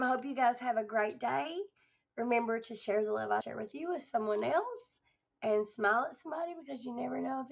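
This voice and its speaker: Her voice beginning to fail, a weary woman hosting a livestream rambles fondly with her viewers and laughs a lot. She sounds fairly high-pitched and gravelly, coming through dull lo-fi stream audio.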